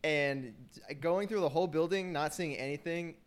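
A man's voice: a little high, moderate pace, clean tone. A young man in casual chat, telling a rambling story full of fillers.

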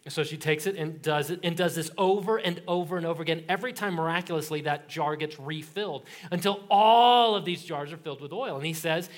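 A man with a rather high voice preaches to his congregation like he is chatting with friends. He tells the story with energy and humor, and now and then he jumps into the voices of the people in it. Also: brisk, hardly any pauses. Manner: animated storytelling, acts out voices in quotes; casual, joking tone. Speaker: pastor. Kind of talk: sermon.

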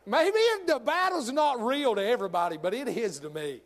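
High-voiced preacher. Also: male voice, slow pace, pauses often. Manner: animated, humorous storytelling. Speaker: pastor. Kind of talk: sermon.

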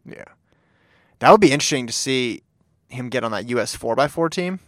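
A man's voice: mid-range voice, expressive, brisk, fairly bright tone, dry recording. Man in a dry close-miked sports chat. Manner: enthusiastic, laughs while telling anecdotes.

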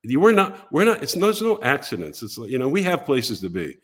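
An older American man, a podcast guest telling a story in a casual, animated way and acting out the voices of people he quotes. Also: medium pitch, brisk.

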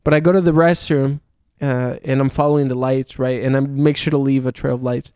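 A man's voice: mid-range voice, fairly even intonation, fairly quick, dark tone, clear, resonant tone, dry recording, clean studio sound. A young man telling a long story in casual chat, swearing often and laughing as he goes.

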